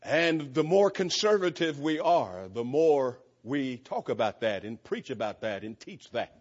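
A man's voice: mid-range voice, sing-song, unhurried. A man preaching an earnest sermon, reading scripture aloud with emphasis and small restarts. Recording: dull lo-fi church recording.

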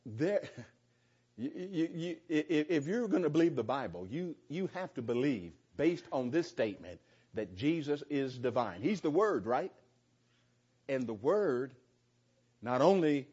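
A man's voice: mid-range voice, darkish tone, breathy edge. A man teaching a Bible study to a small group in a conversational way, earnest and often restarting his words. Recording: slightly dull lo-fi sound.

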